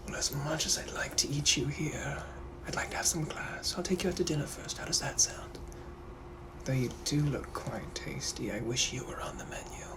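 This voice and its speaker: A woman doing a whispering vampire gentleman. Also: rumbling low, voice pushed down, rough recording. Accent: British. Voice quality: breathy whisper. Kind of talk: whispered role-play.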